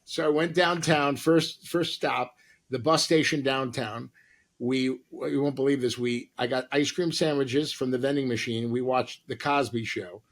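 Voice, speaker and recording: A man's voice: medium pitch, fairly even intonation, a little slow. A man who is a comedian and actor, a podcast guest telling a long, rambling, profane anecdote full of quoted dialogue.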